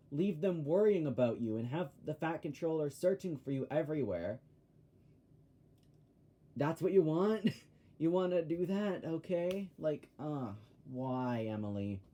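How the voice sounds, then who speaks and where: A man talking through a casual episode review in a mellow, rather dark voice. He rambles and rants, backtracks mid-sentence and fixes his own slips as he goes. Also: on the high side, expressive, unhurried. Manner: rambling, ranting, self-correcting.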